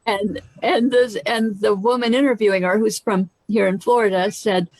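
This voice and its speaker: A woman's voice: medium pitch, fairly even intonation, normal speed, darkish tone, no room sound, poor audio. An American woman hosting a casual group chat who tells stories with animation and acts out other people's voices. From United States.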